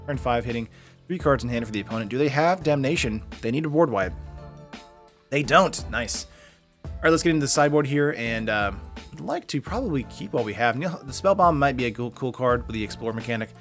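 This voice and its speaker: Male host, brisk and casual, game commentary peppered with fillers, soft music bed. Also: mid-range voice, animated. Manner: quick, casual, lots of fillers. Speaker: card game channel host. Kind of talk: deck breakdown and gameplay commentary.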